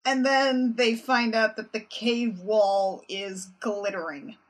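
A young woman co-hosts a casual podcast recap, telling it with wry, animated energy. Her voice sits slightly higher than most women's. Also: slow pace. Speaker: podcast co-host.

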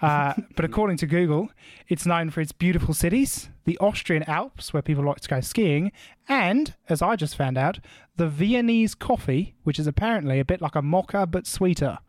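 A man's voice: on the high side, animated, normal speed, no room sound. A man hosting a podcast in a joking, rambling way. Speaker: podcast host. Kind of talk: casual podcast chat.

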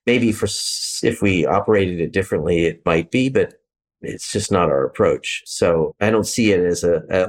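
A man's voice: low-pitched, animated, normal speed, gravelly. A man, an architect, talking in a panel discussion, thoughtful and hesitant, with restarts.

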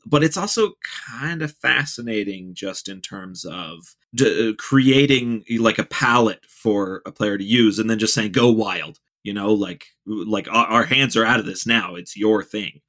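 A man in casual podcast conversation, speaking haltingly with frequent false starts. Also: fairly low pitch. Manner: halting, many fillers and restarts, relaxed.

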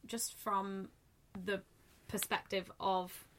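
A young adult woman co-hosting a casual book club chat, talking in an animated way and swearing freely. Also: medium pitch, slow pace. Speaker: podcast co-host.

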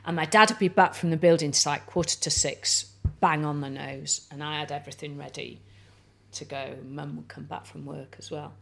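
A woman in her sixties with a low voice chats as a lunch guest. She tells long, loose stories and keeps throwing in little asides to the people at the table. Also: steady tone, moderate pace, gravelly, a bit bright. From North Wales. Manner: chatty storyteller, lots of "like" and "you know". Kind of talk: casual chat over lunch.

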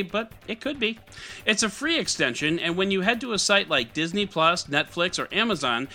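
Man, podcast host, tech news, wry and sarcastic, very bright voice, lively, high, faint music behind. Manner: wry, sarcastic, animated delivery.

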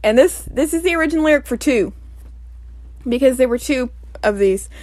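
A woman's voice: sits high, lively intonation, brisk, darkish tone, dry recording. A woman hosting a casual solo podcast, playful and jokey, often breaking into giggles. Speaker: podcast host.

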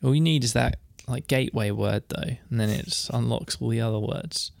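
A man's voice: mid-range voice, moderate pace, gravelly, dry recording, studio quality. A man co-hosting a casual music podcast, reading out definitions and quotes and laughing easily. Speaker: podcast co-host.

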